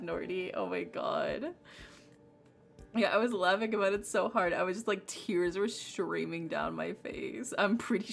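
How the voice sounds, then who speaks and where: Bubbly gravelly woman streamer. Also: on the low side. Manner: bubbly, rambling with many fillers. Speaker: game streamer. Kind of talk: casual livestream chat.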